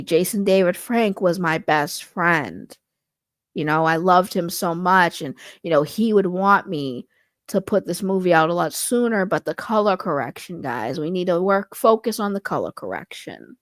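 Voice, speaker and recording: A woman doing a parody impression of a defensive male indie filmmaker, talking low, slow and nasal as if congested, trying to sound articulate. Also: no echo, studio quality, natural voice.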